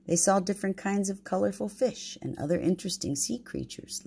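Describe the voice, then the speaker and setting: An older woman, a grandmother, reading a storybook aloud to her grandchildren in an affectionate, expressive way. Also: medium pitch, fairly quick, creaky, a little hiss or hum.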